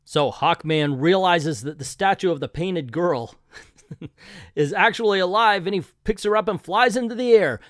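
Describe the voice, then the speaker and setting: A man's voice: sits high, normal speed, a bit bright, dry recording, clean studio sound. A man reviewing an old comic book, reading it aloud with casual, joking, self-deprecating asides.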